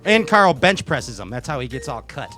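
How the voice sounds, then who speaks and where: A man's voice: medium pitch, big pitch swings, moderate pace, pushed and bright, faint music behind. A man hosting a show, playful and goofy, riffing on jokes between viewer questions. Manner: goofy, laughing, bounces between bits. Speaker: host.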